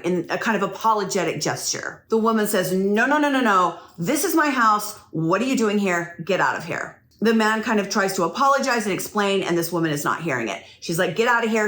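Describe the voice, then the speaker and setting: A woman's voice: medium pitch, fairly bright tone, echoey room. A woman hosting a true crime show, telling the story casually and reacting with disbelief.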